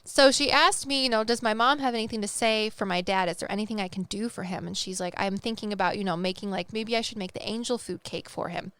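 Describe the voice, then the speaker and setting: A woman's voice: mid-range voice, steady tone, fast talker, few pauses, fairly bright tone, smooth. A woman recounting a psychic reading in a chatty, emotional way, laughing and tearing up as she talks. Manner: chatty, gets emotional and laughs through tears. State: tearful at times. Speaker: medium telling stories. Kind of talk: casual storytelling chat.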